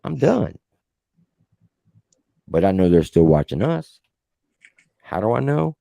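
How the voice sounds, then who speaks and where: Brief: low, gravelly male host, lively pitch swings, profane storytelling rant, dry room. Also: slow pace, dry recording. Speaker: show host. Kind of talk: heated casual livestream rant.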